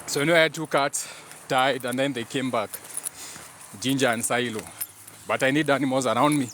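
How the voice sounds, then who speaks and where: A man chats and jokes on a live stream as he walks his dog by a road. His voice sits at an ordinary middle pitch. Outdoor noise, animals and passing traffic come through clearly behind him. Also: steady tone, moderate pace, fairly bright tone. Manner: chatty, mixing in Swahili phrases, joking. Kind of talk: casual live stream chat while walking his dog.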